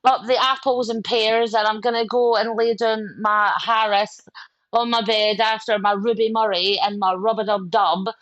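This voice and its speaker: A woman's voice: fairly high pitch, flat delivery, moderate pace, fairly bright tone, lo-fi sound, voice pushed up, natural voice. A woman putting on an exaggerated cockney London woman who spouts rhyming slang in a broad, brash voice. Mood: mocking.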